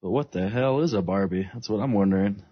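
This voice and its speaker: A Southern American man speaks in a fairly low voice with a dry, teasing manner. He sounds set back from the mic, and the audio is dull and lo-fi. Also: fast talker. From Georgia, USA. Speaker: radio show guest. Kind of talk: casual chat.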